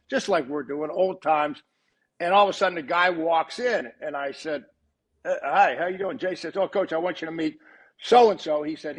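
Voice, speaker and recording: An older man with a husky, slightly hoarse voice that sits a bit above the usual male pitch. He tells casual stories as a podcast guest and jumps into lively quoted dialogue as he goes. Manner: animated storyteller who acts out quoted dialogue. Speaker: podcast guest, retired football coach. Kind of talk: casual anecdotal storytelling.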